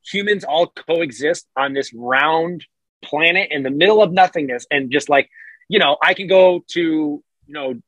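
A man's voice: a little high, a little slow, dry recording, low-quality recording. A man with an American accent, a podcast guest chatting casually and rambling through restarts. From United States. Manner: animated, rambling with many restarts. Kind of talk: casual chat.

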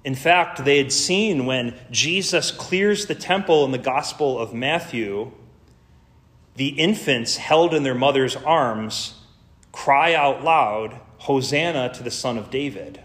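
A man's voice: mid-range voice, slow, a bit bright. A man preaching a sermon in an earnest, emphatic way, building lists and drawing out key words. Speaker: pastor.

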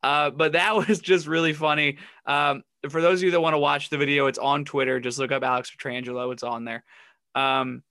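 A man's voice: fairly high pitch, steady tone, fairly quick, bright, forceful tone, smooth, no room sound, clean studio sound. A man co-hosting a casual sports podcast, recounting funny stories and laughing often. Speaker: podcast co-host.

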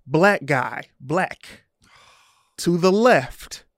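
A man tells a story on a podcast, slightly high-voiced and animated, playing every part of the argument himself. The sound is dry and close, with no room around it. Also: very slow, no room sound. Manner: animated storyteller, acts out both sides of arguments, laughs as he talks. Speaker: podcast co-host. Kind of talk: casual storytelling chat.

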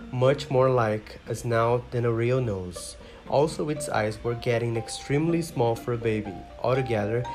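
Man, storybook narrator, measured, mid pitch, guitar music in background. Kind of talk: storybook reading. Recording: reading over guitar music.

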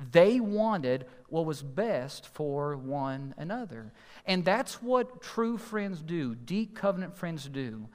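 A man preaching a sermon as pastor, earnest and emphatic, slowing to stress key phrases. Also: fairly high pitch. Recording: long hall reverb.

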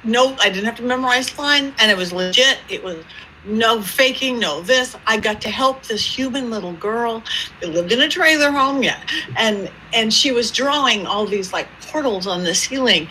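A woman guest telling stories in an interview, with a lively improv-comedy manner and acted-out quotes. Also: normal speed, slight background noise, rough recording. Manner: lively, acts out quoted voices with big pitch jumps. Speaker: psychic medium guest. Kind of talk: animated storytelling interview.

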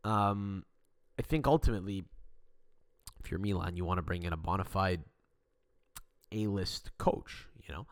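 A man's voice: deep voice, moderate pace, pauses often. A man hosting a casual solo podcast, rambling and swearing with many stuttering restarts, into a desk mic. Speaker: podcast host. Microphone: desk mic without arm.

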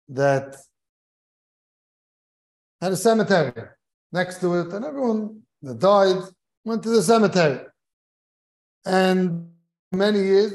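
Chuckling rabbi telling a Torah tale. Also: male voice, high voice. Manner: animated storyteller who chuckles while telling; peppers English with Hebrew and Yiddish terms. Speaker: rabbi giving a Torah class. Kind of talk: lecture with a humorous story. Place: study hall of a kollel.

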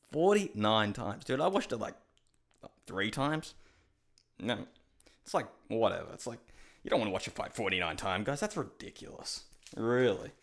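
An MMA commentary host with a lowish, creaky voice delivers a casual, profane fight recap, ranting and calling his viewers "guys." He's animated, shouting as he reenacts outbursts.

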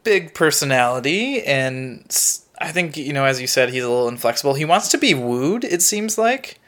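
A man's voice: mid-range voice, very animated, normal speed, fairly bright tone. A man co-hosting a podcast, casually retelling a TV episode's plot step by step with light laughter. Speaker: podcast co-host.

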